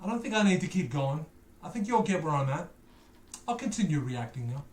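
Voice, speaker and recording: Man, Liverpool accent with Australian edges, high voice, jokey animated reaction chat, echoey room. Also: fairly quick, loud music behind the voice. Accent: Liverpool, softened by Australian. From Liverpool, England. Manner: joking, animated, playfully ranting with stammered repeats. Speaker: music reaction host. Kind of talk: casual reaction commentary.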